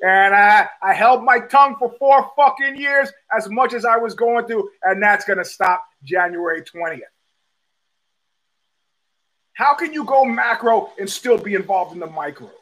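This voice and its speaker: A man's voice: high voice, a little slow, a bit bright, low-quality recording. A middle-aged man hosting a podcast, talking in a profane, rambling casual monologue full of restarts. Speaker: podcast host.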